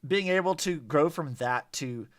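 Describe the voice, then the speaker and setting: Young guy rambling over his gameplay, voice bouncing all over, a bit high, faint game music behind. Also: a little slow. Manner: chatty, animated, many likes and fillers. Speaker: streamer playing a game. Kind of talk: casual gameplay commentary.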